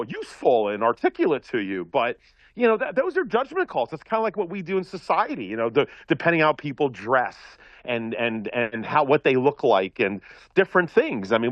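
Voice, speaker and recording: Animated male guest over a dull line. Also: fairly high pitch, no echo. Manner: animated, thinks aloud, repeats words. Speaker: regular guest commentator. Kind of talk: casual political talk show chat.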